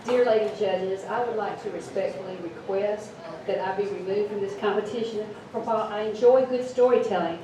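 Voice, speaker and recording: A woman in her fifties with a deep Southern accent, telling a story on stage in a formal, earnest way. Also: fairly even intonation, a little fast, a crowd in the background. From Mississippi. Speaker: storytelling contestant. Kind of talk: live storytelling. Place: event hall with audience. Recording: echoey hall, distant mic, noisy.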